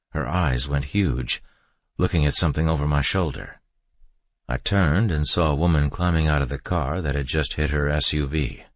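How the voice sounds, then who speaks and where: A male narrator reads a first-person horror audiobook with a strikingly deep, low voice. His delivery is steady and measured, recorded close and dry with no room sound. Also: no room sound.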